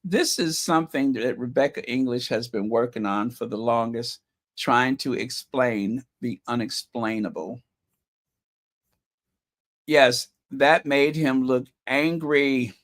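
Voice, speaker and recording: A man's voice: medium pitch, slow pace, long pauses, a bit bright. A man hosting a casual commentary vlog, reading headlines aloud with sarcastic asides and chuckles, his voice a bit scratchy. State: slightly scratchy voice. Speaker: channel host.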